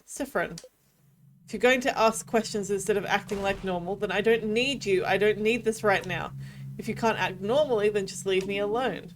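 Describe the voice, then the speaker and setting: A woman voicing a sharp-tongued, irritable woman adventurer from a game while streaming, with a snapping, cutting manner. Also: medium pitch, normal speed, slight background noise, natural voice. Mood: irritated.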